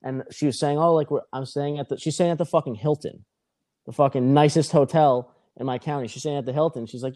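Slightly high and slightly quick, a young man's voice carries a rambling story in relaxed podcast talk. He swears freely and animatedly plays out everyone else's lines.

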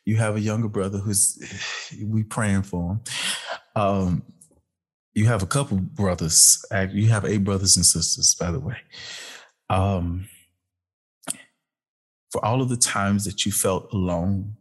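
A tearful man speaking to his younger self in a halting, heartfelt personal address, with sighs and pauses between phrases. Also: on the low side, fairly even intonation, breathy edge.

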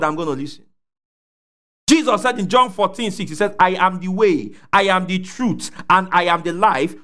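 A man preaching a sermon, calling out questions for the congregation to answer and rising to shouts at the peaks. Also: high voice. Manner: call-and-response preaching, asks congregation to fill in words.

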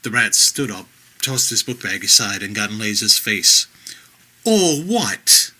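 A man narrating an action story in a vivid, expressive storytelling manner. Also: fairly low pitch, normal speed, rough recording.

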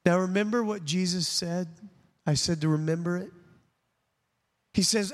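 A man's voice: a little high, normal speed, pauses often. A man preaching a sermon as a pastor, emphatic, swinging between rising and falling delivery. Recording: long reverb of a large hall.

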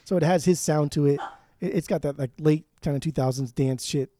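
A man's voice: fairly high pitch, brisk, mellow, dry recording, clean studio sound. A man co-hosting a casual podcast, talking enthusiastically, swearing often and breaking into sung snippets. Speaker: podcast co-host. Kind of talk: casual chat.

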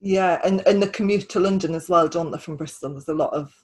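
This podcast host and writer has a fairly low, slightly mellow voice with a breathy edge, and she speaks a bit quickly over a low-quality recording. Hosting a casual interview, she chats freely, often restarting and repeating words.

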